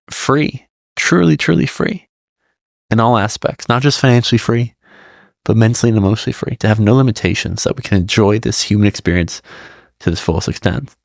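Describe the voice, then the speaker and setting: 낮고 걸걸한 목소리의 남성 팟캐스트 진행자가 진지하고 사색적으로 이야기한다. 울림 없는 건조한 녹음. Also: male voice, lowish voice, creaky, darkish tone, dry recording, studio quality. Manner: earnest, reflective, musing on personal growth. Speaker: podcast co-host. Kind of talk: casual podcast talk.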